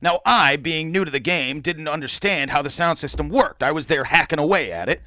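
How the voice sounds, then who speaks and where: A man's voice: on the high side, lively intonation, a little fast, sharp tone, no room sound. A middle-aged man hosting a podcast, telling a rambling, profane, boisterous story. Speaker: podcast host. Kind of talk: casual storytelling monologue.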